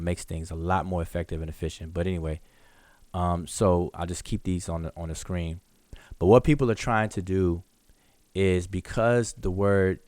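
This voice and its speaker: A hieroglyphics teacher with a very low, deep, darkish voice runs a live online question-and-answer lesson, explaining step by step and often repeating and restarting words as he sounds out examples. The sound is dry and close to the mic, with no echo.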